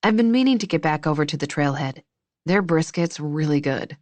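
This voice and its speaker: A woman voicing an easygoing grown man who is attentive and lightly teasing, in calm audiobook dialogue. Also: low voice, brisk, dry recording.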